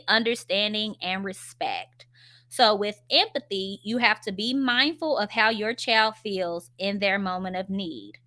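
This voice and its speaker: Host, woman, 30s, earnest and chatty parenting advice, bright clear tone. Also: medium pitch. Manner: earnest, conversational, acts out parent quotes. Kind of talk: casual advice monologue.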